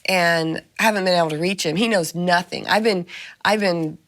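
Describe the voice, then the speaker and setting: A woman's voice: lowish voice, moderate pace. A middle-aged woman, the mother, recounting a frightening night with urgency and some laughter. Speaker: mother of the storyteller. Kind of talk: casual storytelling.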